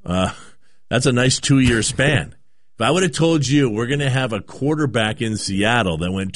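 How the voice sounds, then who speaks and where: Male radio host, casual sports chat, halting restarts, dry close sound. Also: medium pitch, lively intonation, no room sound.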